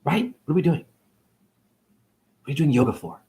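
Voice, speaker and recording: A man giving a rambling, profane spiritual monologue that swings between loud ranting and low murmurs. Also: sing-song, fairly quick. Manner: profane, jokey. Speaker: spiritual talk host.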